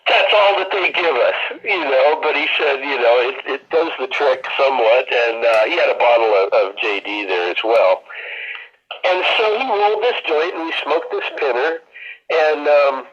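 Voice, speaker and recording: A man in his sixties, a podcast guest telling casual stories with animated delivery and frequent laughter. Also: mid-range voice, normal speed, slightly rough, highs cut off. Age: 60s. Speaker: podcast guest, rock photographer. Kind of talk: casual storytelling.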